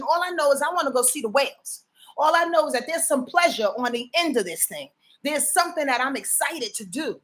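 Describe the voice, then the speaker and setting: Woman astrologer, live-stream host. Higher voice, punchy, profane, sermon-like asides to her viewers. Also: fairly bright tone. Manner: emphatic, profane and preachy, often asks the audience to confirm. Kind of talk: casual live-stream talk.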